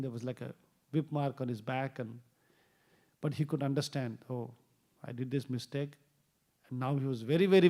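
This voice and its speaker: A man's voice: medium pitch, darkish tone. A man giving a temple class, telling a story and acting out the quoted dialogue with a rising voice. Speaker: temple speaker. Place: temple hall.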